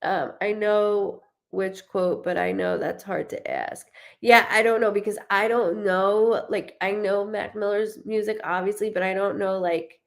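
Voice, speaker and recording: In an unhurried, creaky, mid-range voice, a young medium delivers a live reading. She's casual and animated, often laughing, and quotes the spirit in a lively voice while sharing what comes through.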